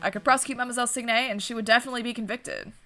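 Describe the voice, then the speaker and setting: A principled male bird prosecutor from a courtroom game reflects in a measured, formal way, read aloud by a woman. The voice is bright. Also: fairly high pitch, fairly even intonation, soft background music.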